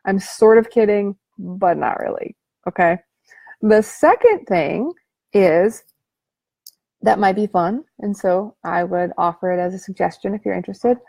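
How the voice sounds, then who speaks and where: A woman talks straight to the camera in a motivational coaching talk, loose and joking, full of slang. Her voice is mellow with a gravelly edge. The sound is close and dry. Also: mid-range voice, measured pace, no room sound. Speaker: life coach.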